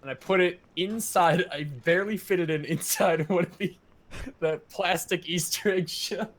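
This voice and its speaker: A man's voice: high-pitched, moderate pace, a bit bright. A man streaming, telling stories in a casual, profane, laughing way.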